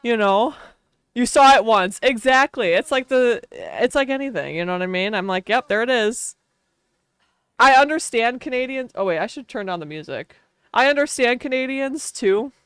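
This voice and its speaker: A woman's voice: on the high side, animated, normal speed, clear, resonant tone, dry recording, studio quality. Chatty young woman from Wisconsin. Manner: chatty, laughs often, rambling. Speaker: streamer. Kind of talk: casual stream chat.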